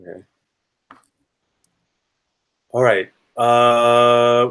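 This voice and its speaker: A man's voice: on the low side, fairly even intonation, a little slow, a bit bright. Man rambling as a tabletop player. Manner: rambling, lots of fillers and restarts. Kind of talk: casual tabletop role-play chat.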